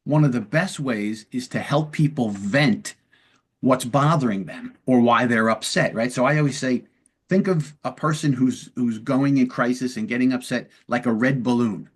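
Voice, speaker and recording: A man with a mid-range voice hosts a long-form interview and talks the listener through his points in a relaxed, conversational way. He slips into short acted-out dialogue to make his examples clear. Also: medium pitch, normal speed. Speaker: podcast host and police lieutenant.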